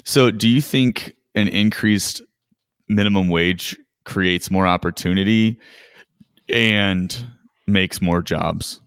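Podcast host: man, low voice, dry close sound, teasing and steering the chat. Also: slow pace, a bit bright, clean tone, no echo. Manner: teasing, asks questions, steers the talk.

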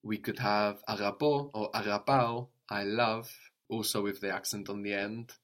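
A man's voice: lowish voice, fairly even intonation, moderate pace, fairly bright tone. A man teaching a language lesson, patiently prompting a learner and repeating and confirming each answer.

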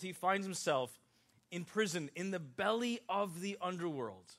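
A man's voice: sits high, expressive, a little slow, a bit bright. A man preaching a sermon in a conversational, joking way, talking directly with his congregation. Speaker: pastor.

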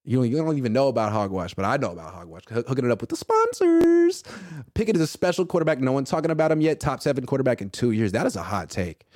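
A man in his thirties hosting a casual sports talk show, reading chat comments and telling stories in a lively, self-mocking way. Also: medium pitch, fast talker, no room sound, clean studio sound. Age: 30s. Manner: animated, mimics voices in anecdotes, self-mocking.

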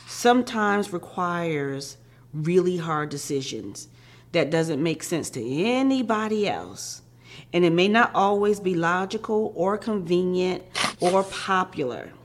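Woman podcast host, mid-pitch, calm, encouraging. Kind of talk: casual podcast chat.

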